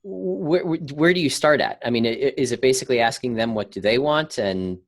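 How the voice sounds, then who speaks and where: A man's voice: medium pitch, lively intonation, fairly quick. A man hosting a podcast interview, asking meandering questions with short affirmations. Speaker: podcast host.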